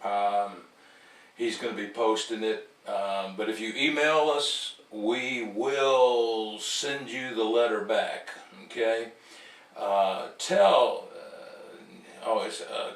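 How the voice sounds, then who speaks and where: A man's voice: fairly low pitch, fairly bright tone, echoey room, far from the mic, poor audio. A man hosting a call-in talk show, rambling with many fillers and restarts. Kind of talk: casual talk-show monologue.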